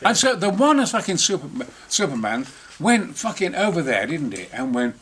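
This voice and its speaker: A man's voice: a little high, very animated, normal speed, a crowd in the background. Boisterous sweary man telling stories. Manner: boisterous, sweary, theatrical storytelling. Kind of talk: casual behind-the-scenes chat.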